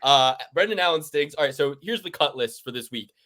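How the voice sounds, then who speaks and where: Higher-pitched man ranting with profanity. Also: lively intonation, brisk, bright, forceful tone. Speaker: podcast co-host. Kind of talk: casual chat.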